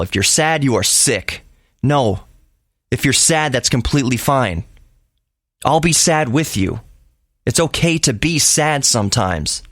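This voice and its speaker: A man's voice: medium pitch, fairly bright tone, no room sound, clean studio sound. A middle-aged man hosting a podcast, giving an emphatic, lecturing solo monologue with frequent restarts. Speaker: podcast host.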